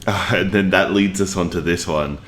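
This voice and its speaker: A manga reviewer chats casually, his deep voice moving at a moderate pace with fairly even intonation and a slightly bright tone. His review is earnest and rambling, packed with filler words and plain emotional investment. A little hiss or hum sits under the recording.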